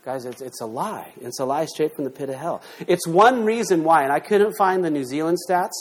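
A man in middle age delivers a sermon with a slightly higher-pitched voice. He is emphatic, pushing rhetorical questions at the congregation and swinging between loud punches and quiet asides. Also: a little fast. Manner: emphatic, rhetorical questions, lively shifts in loudness. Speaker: pastor.

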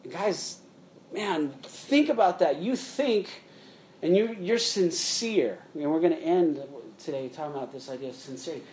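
A middle-aged pastor with a fairly high, expressive voice and a darkish tone preaches at a moderate pace, with a bit of hiss or hum in the audio. His sermon is conversational, peppered with "okay?" check-ins and "guys" for his listeners.

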